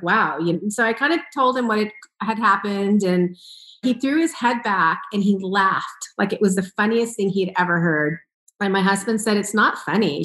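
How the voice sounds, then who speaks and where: A woman in a conversational interview, telling a personal story with lots of laughter and acted-out quoted dialogue. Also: mid-range voice. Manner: animated, laughs often, acts out quoted dialogue. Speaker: author and entrepreneur telling her story. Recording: roomy echo.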